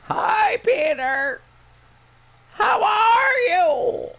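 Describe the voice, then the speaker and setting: A man putting on a shrill, screeching voice of an older, witchy mother-in-law in casual chat. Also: sing-song, drawn-out words, a bit bright, heavily acted. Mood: shrieking. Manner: cackling exaggerated greetings.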